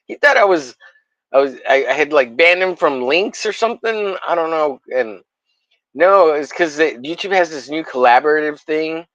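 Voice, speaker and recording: A man's voice: a little high, lively intonation, normal speed, a bit bright, no room sound, muffled recording. A man hosting a livestream in casual chat, rambling and swearing, with mock-angry jokes. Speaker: livestream host.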